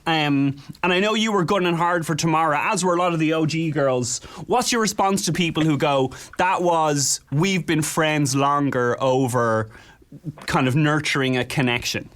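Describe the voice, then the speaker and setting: Man, show host, jokey teasing chatter, high voice. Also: moderate pace, a bit bright. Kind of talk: chatty reality-show recap and interview.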